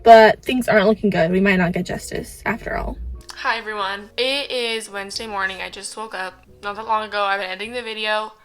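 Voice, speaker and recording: A woman's voice: mid-range voice, steady tone, fairly quick, faint music behind, poor audio. A young adult woman vlogger telling a story casually to a phone camera, with joking asides to the viewer.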